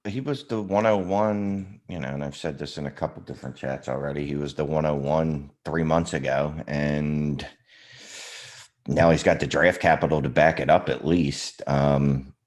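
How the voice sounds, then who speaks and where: A man in a casual podcast chat, making his case in a measured way. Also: rumbling low, a little mellow. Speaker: fantasy football panelist.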